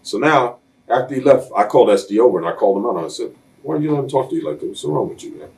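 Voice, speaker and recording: This guest's medium-pitched, darkish voice is expressive and racing, with vocal fry. In a sit-down shoot interview he bluntly recounts streetwise stories, performing the lines of others as he tells them.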